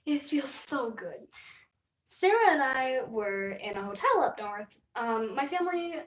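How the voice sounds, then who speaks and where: A young woman streams live, chatting casually to her viewers in a rambling, giggly and self-deprecating way. Her voice sits a little high. The sound is roomy, and her voice is picked up by a mic some distance from her. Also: big pitch swings, a little slow. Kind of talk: casual livestream chat.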